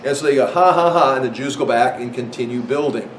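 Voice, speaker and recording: A man's voice: fairly even intonation, quick pace, far from the mic. A man giving an informal Bible history lecture, talking conversationally with frequent restarts and acting out quoted voices. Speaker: Bible teacher. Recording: echoey room with faint rumble.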